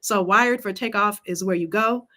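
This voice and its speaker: A woman business coach pitching her coaching program on a livestream, emphatic and preacherly, calling out to the audience. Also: normal speed, pushed and bright. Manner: emphatic, testifying, calls out to the audience.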